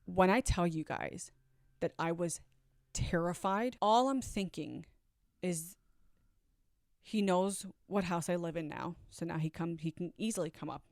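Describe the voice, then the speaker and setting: A woman in her forties telling her own story earnestly, swinging from loud urgency to hushed asides. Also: lowish voice, measured pace, no echo, studio quality. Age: 40s. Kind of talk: confessional storytelling.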